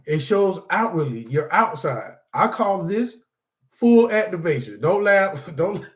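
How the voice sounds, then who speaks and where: A man's voice: high-pitched, very animated, unhurried, reverberant. A man hosting a support-group talk to camera, part preaching, part casual chat, who laughs often and calls his viewers y'all.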